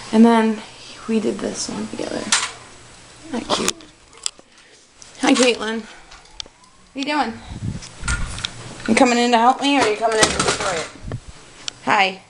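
Breathless young mom, noisy home recording. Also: female voice, on the high side, vocal fry. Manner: rambling, sighing, mid-task while tidying. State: out of breath, panting. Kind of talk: casual home vlog chat. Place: child's bedroom at home.

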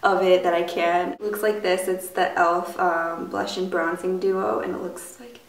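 Young woman rambling about makeup, raspy morning voice, lots of um and like, echoey room, mic kinda far. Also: lowish voice, level tone, a little slow. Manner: chatty, filler-heavy, rambling. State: raspy from just waking up. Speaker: beauty vlogger. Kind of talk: casual product review. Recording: echoey room, mic at a distance, faint noise.

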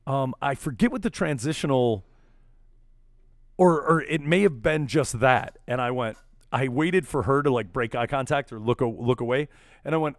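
A man's voice: mid-range voice, moderate pace, dry recording. Rambling storyteller man, dry close sound. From Texas, USA. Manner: rambling, retells scenes with constant "I was like" quotes. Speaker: podcast host. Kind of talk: casual storytelling chat.

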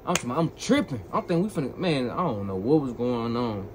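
A young man telling a personal story in a casual, animated way, full of slang and repeated phrases. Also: mid-range voice, a little fast, slight background noise, low-quality recording.

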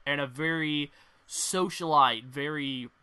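A man's voice: on the high side, takes it slowly, pushed and bright, clean tone. A young man hosting a casual podcast, ranting with strong opinions and some swearing. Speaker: podcast host.

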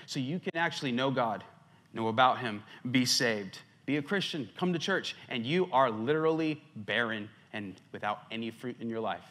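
A man pastor preaching a sermon, swinging between loud emphatic stretches and hushed ones, a little out of breath. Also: mid-range voice, lively intonation, moderate pace.

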